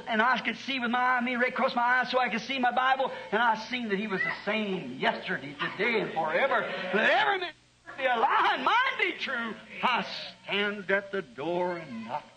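A man's voice: very high-pitched, moderate pace, pushed and bright, slight background noise, low-quality recording. A middle-aged man preaching a sermon in a fervent, folksy way, telling a story and often repeating his words.

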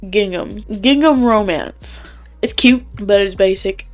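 Give me a chatty young Southern woman doing a casual review, rambling and laughing, with quiet music underneath. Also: medium pitch, unhurried. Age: young adult. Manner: rambling, chatty, laughs often, slang-heavy. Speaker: YouTuber reviewing game items. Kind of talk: casual commentary. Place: home at night.

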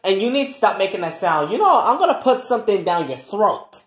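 A performer in an improvised comic quarrel, trash-talking and taunting with heavy swearing and swinging between loud jeers and low mutters. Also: big pitch swings, brisk, reverberant. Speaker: comedy skit performer.

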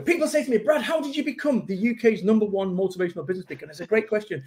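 A man's voice: high-pitched, racing, few pauses, darkish tone. A middle-aged man with a Manchester accent, a motivational speaker telling punchy, self-mocking stories in a casual interview chat. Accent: Mancunian. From England.

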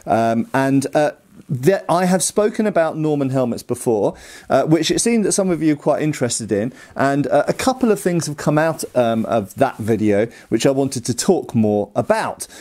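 A middle-aged man with an English accent talks the listener through his subject in a relaxed, conversational way. He wanders off on asides and fills the gaps with ums and uhs. His voice sits at an ordinary, middling pitch. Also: normal speed. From England. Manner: chatty and digressive, with lots of ums and uhs. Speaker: host. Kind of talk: casual educational talk.

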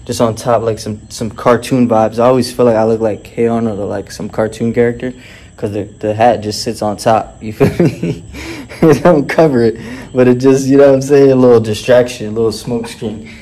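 A man's voice: medium pitch, steady tone, normal speed, warm tone. A man delivering a motivational vlog monologue as a fitness and mindset coach, boastful and heavily profane, full of swaggering street slang.

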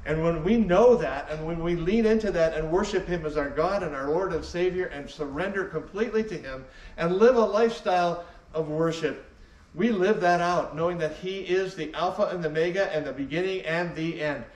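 A man's voice: fairly high pitch, moderate pace, darkish tone, roomy sound, distant mic, rough recording. A man preaching a sermon as pastor, emphatic and repeating key phrases for weight. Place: church sanctuary.

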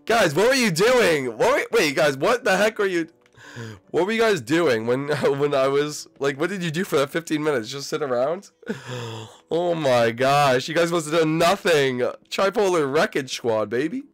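A young man hosting a gaming channel, excitedly commentating his own gameplay and calling out to other players and viewers. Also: on the high side, normal speed.

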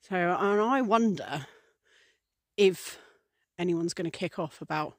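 A woman's voice: on the low side, lively intonation, takes it slowly, no echo. A woman from England talking casually to camera as a vlogger, chatty and rambling, with many fillers and small acted-out scenes. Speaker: priestess and vlogger.

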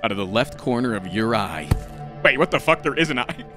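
A young man streaming a game live, talking to his chat in an excitable, profane, rambling way. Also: medium pitch, moderate pace, faint music behind. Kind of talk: casual live-stream commentary.

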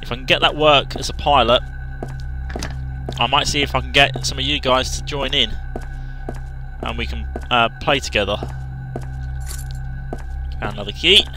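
A man giving casual commentary over a horror game, chatting, thinking aloud and reading the game's prompts out loud. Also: medium pitch, measured pace, long pauses, low-quality recording. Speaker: let's play gamer. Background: game music.

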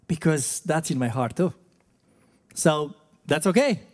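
Pastor, male, slightly high, unhurried conversational preacher. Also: lively intonation. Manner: conversational, earnest preaching with frequent fillers. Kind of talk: sermon. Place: church hall.

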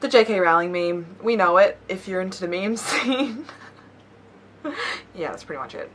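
A woman's voice: lowish voice, lively intonation, moderate pace. Young woman, YouTuber, reading memes aloud, giggly, playful, self-mocking asides, faint background noise. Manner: giggly, laughs between lines.

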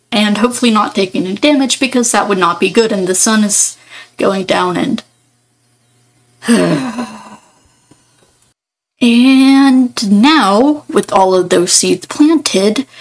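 A woman's voice: a little high, rough recording. Rambling woman narrating her gameplay. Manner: rambling, self-interrupting, thinks aloud. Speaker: let's player. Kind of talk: casual gameplay commentary.

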